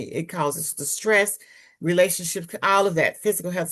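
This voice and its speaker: In a low-pitched voice, a woman shares her own experience of trauma healing during a webinar held over video call. Her presentation is frank and personal.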